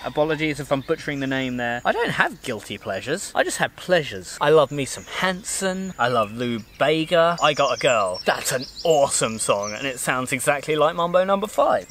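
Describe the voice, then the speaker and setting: A man's voice: mid-range voice, a bit bright, slight background noise. A man in his thirties, a podcast host answering listener questions in a chatty, rambling, self-deprecating way. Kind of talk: casual chat.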